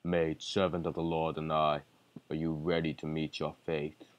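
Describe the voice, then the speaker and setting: A man voicing a stern, deep-voiced ritual leader in a video game playthrough, speaking slowly and solemnly. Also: little pitch movement, highs cut off. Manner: slow, solemn and menacing. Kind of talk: let's play voice acting.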